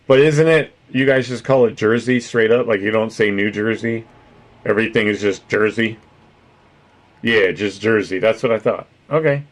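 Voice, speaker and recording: Speaking at a normal speed in a lowish voice, a man without any particular accent chats with his stream viewers. He rambles, curses freely, and laughs often in this casual livestream talk.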